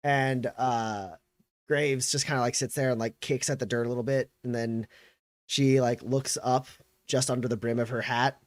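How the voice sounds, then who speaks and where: A man narrating a tabletop game as game master, in a loose, halting way with many fillers. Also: mid-range voice, steady tone, no room sound, studio quality.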